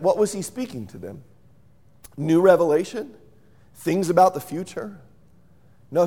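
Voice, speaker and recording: A male pastor delivers a sermon in a fairly high but mellow voice. He tells the story with animated energy, acts out its scenes and pauses to quiz his listeners. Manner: lively storyteller, acts out scenes and quizzes the audience.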